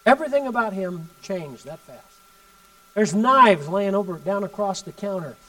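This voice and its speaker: A man preaching a sermon and telling a story, emphatic, swinging from loud bursts to hushed asides. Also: high-pitched, animated, moderate pace, far from the mic, rough recording.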